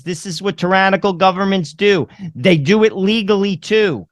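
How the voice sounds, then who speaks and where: A man's voice: sits high, moderate pace, no room sound. A man from New Jersey ranting through opinionated political commentary as host, fiery and insistent. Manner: fiery, ranting, rising to near-shouts.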